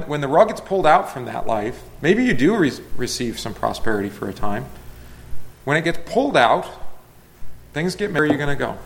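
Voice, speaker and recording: A man leading a Bible study as a pastor, teaching conversationally, asking the group questions and correcting himself as he goes. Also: medium pitch. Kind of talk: casual Bible class teaching.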